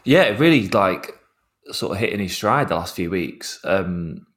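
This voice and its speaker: A man's voice: deep voice, lively intonation, measured pace, fairly bright tone. A man in casual podcast chat, analysing a striker's play in a rambling way with many restarts. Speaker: podcast guest, football journalist.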